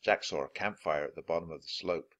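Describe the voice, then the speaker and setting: A man reading a children's chapter book aloud, clear and deliberate for learners of English. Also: rumbling low, fairly bright tone, dull audio. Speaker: storybook reader.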